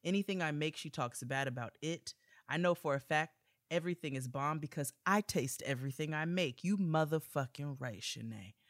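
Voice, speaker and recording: A young woman co-hosting a podcast in casual chat, animated and playful as she reads listener letters aloud and comments on them. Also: low-pitched, moderate pace, no room sound, studio quality. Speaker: podcast co-host.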